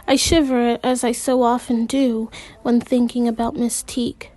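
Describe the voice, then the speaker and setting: A woman reading a novel aloud in the first person, unhurried, with occasional slips and restarts. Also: a little high, flat delivery, dark tone, no room sound. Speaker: amateur audiobook reader.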